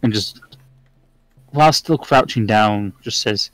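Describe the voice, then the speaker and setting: A man narrating a tabletop game as dungeon master, in a relaxed, descriptive way. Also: fairly low pitch, unhurried, pauses often, no echo, poor audio.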